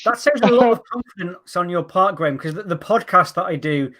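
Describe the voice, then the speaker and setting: A young man on a remote call, telling jokes in a casual chat and mocking himself with deadpan asides. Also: high voice, brisk, slight background noise. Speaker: comedian guest. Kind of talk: casual chat with comic bits.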